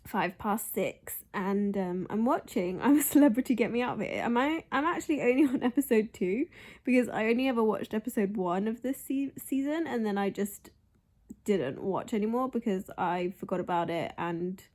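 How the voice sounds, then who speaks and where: A woman's voice: mid-range voice, animated, normal speed, a little mellow. A young woman chatting casually in a rambling vlog, with lots of "like" and "um". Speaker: vlogger.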